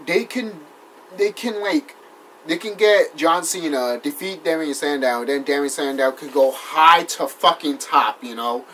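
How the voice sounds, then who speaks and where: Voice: medium pitch, unhurried, a bit bright, slight background noise. Casting note: heated, cursing vlog ranter, rambling, apologetic after outbursts. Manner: profane, heated, rambling with restarts. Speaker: wrestling vlogger. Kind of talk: casual vlog rant.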